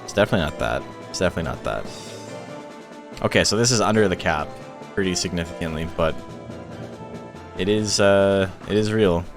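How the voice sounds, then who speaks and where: A man with a fairly low voice commentates video game battles for his stream in an easy, chatty way. He laughs often while telling stories. Soft game music plays faintly behind him. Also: lively intonation, fairly quick, pauses often. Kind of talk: casual live-stream commentary.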